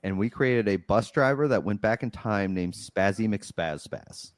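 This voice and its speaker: A man co-hosting a casual film podcast, an animated storyteller who laughs often. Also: lowish voice, measured pace. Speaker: podcast co-host. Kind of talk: casual movie review chat.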